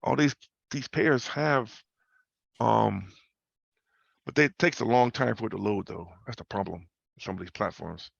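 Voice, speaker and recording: A man with a fairly low, creaky voice hosts a casual trading chat on a video call at a moderate pace. He uses slang, repeats himself, and tags questions onto his points; the recording is dry, with muffled call audio.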